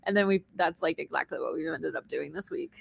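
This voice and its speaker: A woman's voice: sits low, fast talker, vocal fry, husky, no room sound. Chatty woman co-hosting a stream. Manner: chatty, earnest, rambling. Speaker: podcast co-host. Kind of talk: casual live-stream chat.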